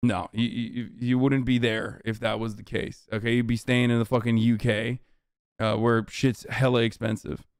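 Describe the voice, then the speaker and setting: A man's voice: medium pitch, level tone, normal speed, clean tone, dry recording, clean studio sound. A man streaming casual reaction commentary, incredulous, mocking and profane.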